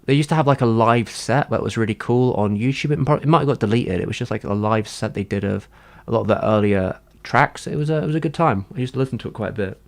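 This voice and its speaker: Speaking fast at a medium pitch, a man answers viewers on a livestream, casual and meandering, hesitating with lots of fillers and starting over often.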